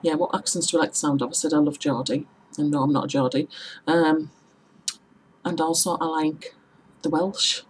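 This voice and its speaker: A woman's voice: deep voice, fairly even intonation, normal speed, a little hiss or hum, poor audio. A woman from Middlesbrough with a Teesside accent, chatting casually in a tag video and explaining local words with examples and spellings. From Middlesbrough, England. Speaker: vlogger.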